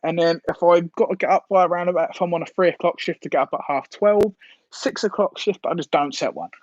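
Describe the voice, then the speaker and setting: A man's voice: high-pitched, fast talker, no room sound, highs cut off. A man hosting a casual live stream, rambling and hesitant with lots of fillers and restarts as he answers viewers' questions.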